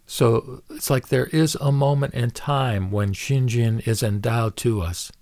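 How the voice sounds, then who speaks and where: Guy talking through a buddhist text, slow careful stress on key words, dry close sound. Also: lowish voice, a little mellow, dry recording. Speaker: Buddhist teacher giving commentary. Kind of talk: reflective spoken commentary on a scripture.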